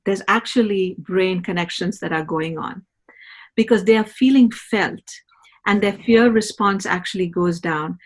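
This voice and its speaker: A middle-aged woman, a parenting educator, explaining patiently in a podcast conversation and often checking in with "right?". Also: mid-range voice. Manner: patient teaching tone, often ends points with a questioning "right?".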